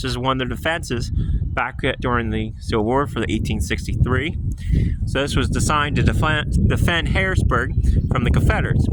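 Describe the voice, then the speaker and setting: A man's voice: medium pitch, noisy background. A man from central Pennsylvania giving a casual, joking walking-tour vlog outdoors on a hill. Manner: chatty, joking, loosely rambling. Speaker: history vlogger. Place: outdoors on a hilltop park.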